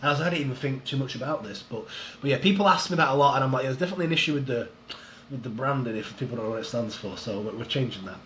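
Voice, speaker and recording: A man's voice: medium pitch, very fast, a bit bright, a little hiss or hum. A man, a strength coach, chatting in an interview, explaining things eagerly and laughing at himself. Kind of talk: casual interview chat. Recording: roomy echo.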